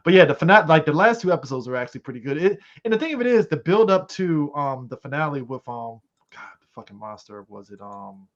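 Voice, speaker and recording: A man co-hosting a podcast in casual chat, animated and profane, rambling with lots of fillers. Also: on the high side, fast. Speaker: podcast co-host. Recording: slightly muffled lo-fi audio.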